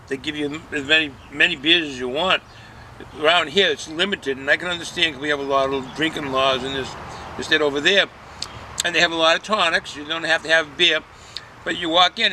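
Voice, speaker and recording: A man's voice: on the high side, sharp tone, slight background noise, low-quality recording. An older man chatting casually as a beer reviewer, rambling with many fillers and restarts. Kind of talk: casual chat.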